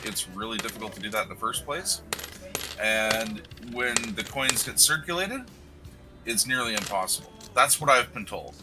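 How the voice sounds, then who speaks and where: A man's voice: medium pitch, poor audio. Methodical man explaining coin numbers. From Canada. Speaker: host. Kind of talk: casual livestream chat.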